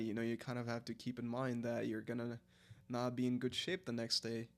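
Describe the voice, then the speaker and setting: A tired young man from India chatting loosely with his stream viewers, laughing often and using slang and swearing. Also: mid-range voice. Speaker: live streamer. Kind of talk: casual chat with viewers while reading the chat.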